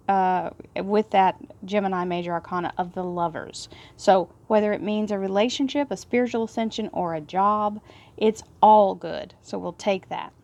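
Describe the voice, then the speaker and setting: A woman with a Texas Southern drawl reads tarot cards in a gushing, excitable way. Her voice sits at an ordinary middle pitch. She breaks into delighted laughter and slips into soft, reverent prayers. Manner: effusive, prone to excited laughter and hushed prayers. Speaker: tarot reader. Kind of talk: tarot card reading.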